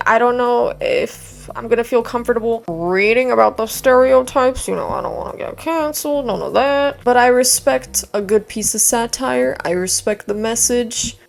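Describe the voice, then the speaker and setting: A woman's voice: sits high, vocal fry. A young woman vlogging casually, reading a book aloud on camera with slangy, swearing asides and laughs. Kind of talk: casual vlog chat and dramatic reading.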